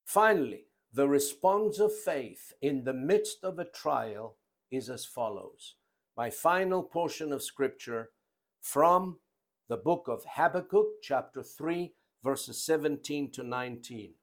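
A man preaching a sermon, emphatic, with his loudness rising and falling and his phrases slow and deliberate. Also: mid-range voice, animated.

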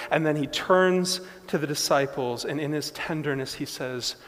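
A male pastor delivering a sermon in a fairly high voice. He swings between hushed, searching reflection and loud, emphatic preaching, and his words ring out with a long hall reverb behind them. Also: moderate pace, few pauses.

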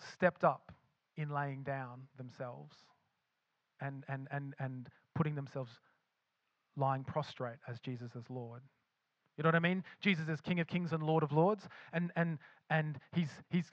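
Male pastor, sermon delivery, emphatic and repetitive, slightly high voice, dry muffled sound. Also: dry recording. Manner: acts out imagined voices of believers.

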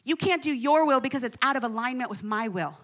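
A woman's voice: high-pitched, expressive, fast. A woman preacher voicing the Lord as a firm father figure in a sermon.

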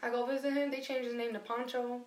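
A woman telling a story in casual chat, animated and profane, acting out the voices of the people in it. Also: a little high, fast, echoey room, heavy background noise. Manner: animated, profane, acts out quotes.

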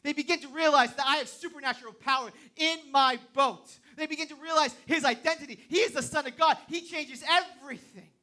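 A woman preaching a casual sermon, moving between loud emphatic declarations and hushed, quiet passages, with slangy asides. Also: sits high, brisk, few pauses. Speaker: youth preacher.

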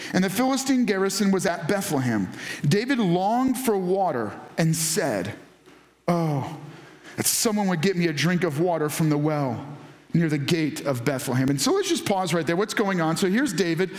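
A man with a fairly high voice preaches in a roomy, echoing church hall. He tells the story casually and drops into voiced asides for the people in it. His delivery is loose and conversational rather than formal. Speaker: pastor. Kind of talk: sermon.

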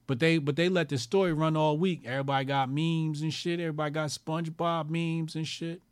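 Hosting his commentary show, a man delivers a profane rant full of crude, mocking language and constant swearing, hammering points by repeating lines. His voice is a little high and brisk with fairly even intonation and a clean tone, recorded at studio quality with no room sound.

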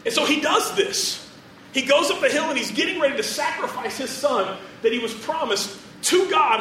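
A man's voice: extremely high pitch, a bit bright, reverberant, far from the mic, slight background noise, low-quality recording. A man preaching a sermon in a chatty, joking storytelling way, full of fillers.

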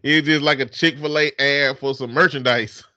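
A man's voice: mid-range voice, fairly even intonation, normal speed, sharp tone, dry recording, highs cut off. A man co-hosting a casual podcast, telling stories in a joking, profane way. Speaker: podcast co-host.

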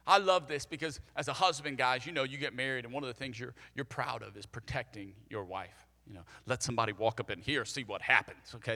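Bright-voiced pastor, echoing hall. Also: male voice, medium pitch, fast, few pauses. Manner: energetic, conversational, leads call-and-response. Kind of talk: sermon.

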